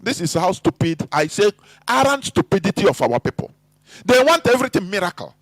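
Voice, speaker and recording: Nigerian guy ranting about politics, high voice, dry close sound, keeps firing questions and stumbling over words. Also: very animated, dry recording. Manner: fiery, preachy, full of rhetorical questions; halting with restarts and repeated words. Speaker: activist commentator. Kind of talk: impassioned political monologue.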